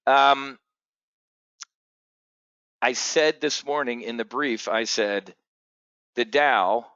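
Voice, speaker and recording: A man's voice: mid-range voice, very slow, a bit bright, no room sound, highs cut off. A man hosting a trading show, talking in blunt, profane, agitated rants full of restarts. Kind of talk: unscripted market commentary.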